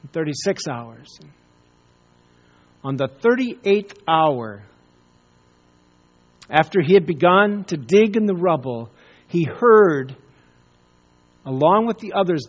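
A man preaching a sermon, telling a story with pauses and repeated words. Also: fairly high pitch, lively intonation, muffled recording. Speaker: pastor.

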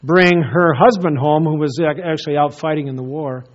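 A man preaching a sermon as pastor, telling a story earnestly and swinging between emphatic peaks and hushed, solemn drops. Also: on the high side, fairly even intonation, moderate pace, dull audio.

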